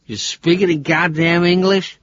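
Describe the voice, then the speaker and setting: Narrator putting on a loud, slurring drunk American guy, husky, higher than his own voice, lo-fi dry audiobook sound. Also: fairly even intonation, unhurried, no room sound. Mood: brash. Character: drunk-acting American man, brash and crude. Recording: dull lo-fi dry recording.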